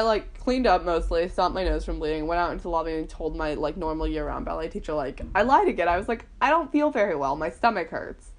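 A young woman vlogger casually telling a personal story, chatty and full of fillers, laughing often. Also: mid-range voice. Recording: poorly recorded.

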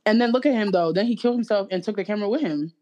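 A young woman rants in casual chat, swearing freely. She mocks what she describes with voiced asides and rhetorical questions, and her pitch sits mid-range for a woman. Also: very fast, dull audio. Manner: animated, profane, mocking ranting with quoted asides.

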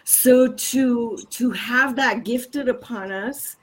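An older woman speaks slowly and with deep feeling over a video call, pausing and restarting as she searches for words. Her voice is fairly high. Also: husky, poor audio. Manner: heartfelt, emphatic, halting. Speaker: conference attendee asking a question. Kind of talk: casual chat.

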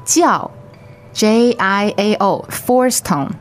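A woman modelling phrases slowly and clearly as a co-teacher in a podcast lesson. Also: mid-range voice, expressive, faint music behind. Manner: slow, clearly enunciated. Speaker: language teacher. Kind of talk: slow model pronunciation.

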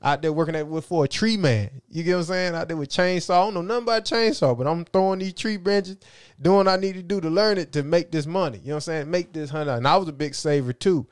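A middle-aged interview guest tells stories from his life in a rambling, casual way, often asking "you know what I'm saying." His voice is on the high side and quick, with clean studio sound and no room sound.

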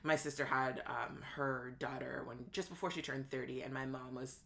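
Low-pitched woman telling stories chattily. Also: steady tone, moderate pace, gravelly, crowd noise. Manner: chatty, acts out quoted dialogue, many fillers. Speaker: podcast guest. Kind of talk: casual personal storytelling.

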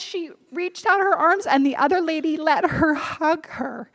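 A woman's voice: high-pitched, lively intonation, moderate pace, few pauses. A woman preaching, telling a personal story in an earnest, conversational way and speaking directly to a congregation of grown-ups and children.

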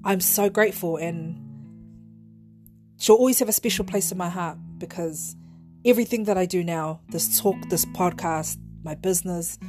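A woman hosting a podcast, telling personal memories in a rambling, heartfelt monologue. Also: lowish voice. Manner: rambling, heartfelt, restarts often. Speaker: podcast host.

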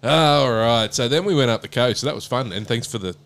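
A man's voice: medium pitch, fairly quick, a bit bright. A man with an Australian accent, co-hosting a podcast in laid-back casual chat and laughing often. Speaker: podcast co-host. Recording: podcast mic in a small room with a humming air conditioner.

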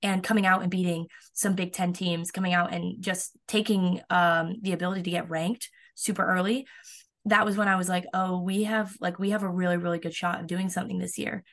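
A young woman with a slightly low voice chats about her playing days as a podcast guest. She talks in an upbeat, easy way, full of little fillers and restarts. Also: fairly even intonation, fairly quick, a bit bright. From United States. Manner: chatty, upbeat, many fillers. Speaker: college softball pitcher, guest. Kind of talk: casual podcast interview.

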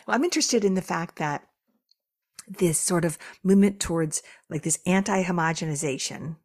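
A woman's voice: fairly low pitch, normal speed, a little mellow. A woman co-hosting an interview, asking enthusiastic, rambling questions. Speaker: co-host. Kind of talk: interview chat.

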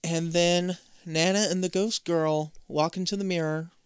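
A man co-hosting a casual chat, recapping an episode in an animated way and acting out the characters' lines. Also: high-pitched, measured pace, clean tone, dry recording, clean studio sound. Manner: animated storyteller acting out quotes. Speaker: podcast co-host.

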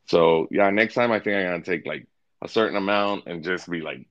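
Low gravelly guy co-hosting a podcast, easygoing, dull dry lo-fi sound. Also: fairly even intonation, fairly quick, a bit bright, no room sound. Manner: easygoing, hesitant with ums. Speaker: podcast co-host. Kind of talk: casual chat.

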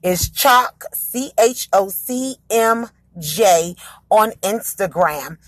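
A woman's voice: mid-range voice, animated, drawn-out words, dry recording. Chatty woman podcast host. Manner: chatty and upbeat, rambling with fillers and self-corrections. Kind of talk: casual solo podcast chat.

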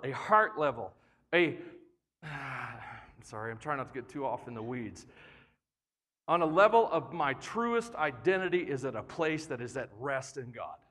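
A man with a fairly high voice preaches a sermon, playful and joking one moment, ramping up with emphatic energy the next. His voice rings with the long reverb of a large church hall. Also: pushed and bright. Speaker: pastor.

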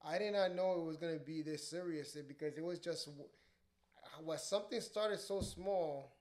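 A young man who works as a DJ, telling profane, animated stories in casual podcast chat. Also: fairly high pitch, normal speed. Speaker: DJ and podcast co-host. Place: podcast studio.

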